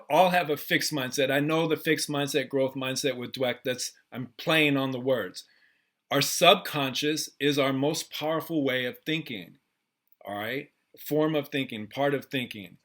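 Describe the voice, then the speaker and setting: A man's voice: mid-range voice, a bit bright. A man presenting a workshop in a conversational way, asking the audience questions as he goes. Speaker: presenter at a training session.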